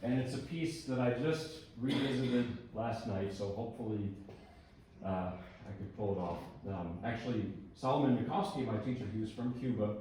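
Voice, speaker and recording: A man introducing pieces at a recital, talking in a relaxed, rambling and self-deprecating way. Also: mid-range voice, slight background noise. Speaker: pianist giving a recital talk. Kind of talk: casual spoken introduction between pieces. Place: recital hall. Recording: echoey hall, voice heard from far off.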